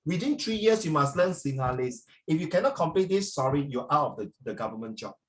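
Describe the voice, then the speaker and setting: A Singaporean man leads a social studies lesson in a classroom, lively and joking with his students. He slips between English and Mandarin and mimics everyday Singlish phrases to make his point. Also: fairly high pitch, brisk.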